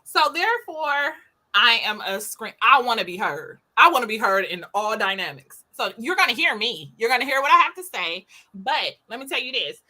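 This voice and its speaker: A woman's voice: on the high side, sing-song, normal speed, sharp tone. A woman co-hosting a casual chat, speaking in an emphatic, earnest way and repeating her points. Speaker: co-host.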